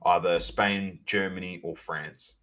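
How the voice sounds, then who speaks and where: A man co-hosting a sports podcast, chatting casually and animatedly, calling out to the audience as ladies and gentlemen. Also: sits low, measured pace. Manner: animated, banter-heavy, addresses listeners as ladies and gentlemen. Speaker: podcast co-host.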